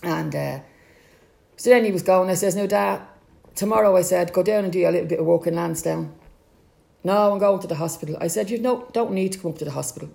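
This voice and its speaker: A woman's voice: lowish voice, fast, vocal fry, mellow. A middle-aged Irish woman telling a personal family story, acting out the voices of the people in it.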